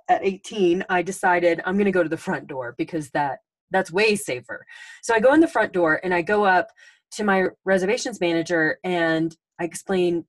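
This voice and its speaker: A woman's voice: on the low side, no room sound. A woman in her forties hosting a podcast, telling a story in a casual, chatty way with many ums and restarts. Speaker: podcast host.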